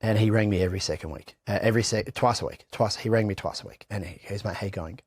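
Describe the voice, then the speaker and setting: A middle-aged man with an Australian accent talks openly and bluntly about hard times. He swears without hesitation and restarts his sentences, and his voice sits on the low side. The sound is close and dry, with no room echo. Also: fast talker, husky. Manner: raw, blunt, swears freely, many restarts. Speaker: interview guest. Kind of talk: candid personal testimony.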